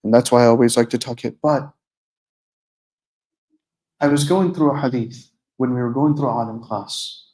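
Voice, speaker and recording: A man of middle pitch tells a personal story as a sermon, earnest and conversational. He draws out the key moments slowly. His voice rings around an echoey mosque prayer hall. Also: a little mellow. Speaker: preacher giving a night talk.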